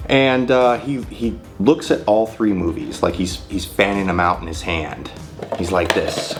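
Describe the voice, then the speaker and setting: A man in his thirties, the host of his own channel, tells a story in a low voice. He is animated and swears freely, and soft music plays faintly under him. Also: a little slow. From California. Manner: animated, profane, laughs often. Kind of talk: casual storytelling vlog.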